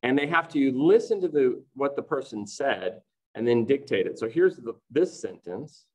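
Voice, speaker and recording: A man's voice: medium pitch, lively intonation, normal speed, darkish tone, low-quality recording. A man presenting to fellow teachers in an online conference talk, explaining classroom activities in a chatty way and often checking in with "right?".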